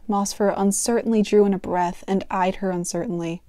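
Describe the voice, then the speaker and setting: A woman's voice: medium pitch, steady tone, moderate pace, hardly any pauses, mellow, clean tone, dry recording. A young woman reading her old story aloud with giggly, self-mocking commentary, close to the mic. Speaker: youtuber.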